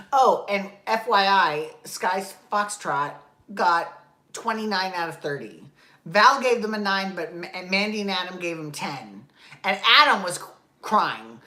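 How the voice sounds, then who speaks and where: A woman's voice: mid-range voice, sharp tone, roomy sound. A woman hosting a podcast, recapping a dance show in a rambling, exasperated, profane rant, her throat dry and coughing. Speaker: podcast host.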